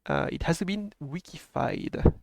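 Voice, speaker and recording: A man's voice: on the high side, animated, a little slow, gravelly, darkish tone, dry recording. A man with a French accent, hosting a casual live stream and chatting with a laugh in his voice. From France. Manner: chatty, laughs often, mixes in French phrases. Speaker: stream host.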